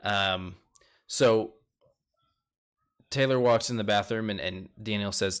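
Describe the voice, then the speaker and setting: A young man chatting casually as he recaps a TV episode, retelling events animatedly and jumping up in pitch when quoting people. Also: slow pace, a bit bright, clean tone. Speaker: show recap host.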